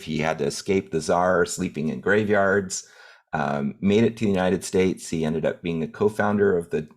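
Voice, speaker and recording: A man with a very low voice gives a business talk as a guest speaker. He speaks directly and in measured phrases, sometimes restarting a thought.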